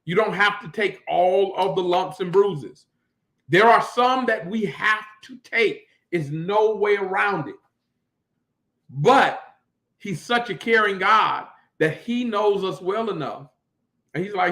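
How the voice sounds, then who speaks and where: A man's voice: sits high, expressive, unhurried, a bit bright. A man preaching a sermon as pastor, building emphasis with repeated phrases. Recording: echoey room.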